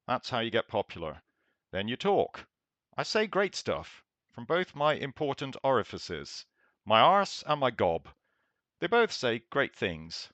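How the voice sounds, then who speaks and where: A man's voice: mid-range voice, fairly bright tone, no room sound. A man doing a satirical impression of a boastful, blustering president who praises himself over and over in simple words. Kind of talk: satirical letter read in character. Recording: dull lo-fi dry recording.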